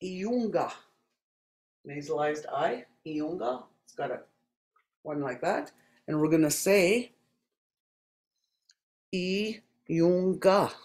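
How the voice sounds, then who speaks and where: Patient language teacher from Saskatchewan, mid-pitched, very slow delivery, roomy echo. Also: animated, darkish tone. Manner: repeats each word slowly and deliberately, patient explaining. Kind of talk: slow spoken language lesson.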